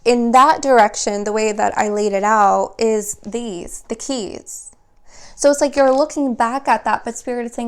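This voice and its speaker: Fast-flowing woman giving a tarot reading. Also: on the high side, clean tone. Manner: flowing, rapid, repeats and restarts phrases. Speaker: tarot reader.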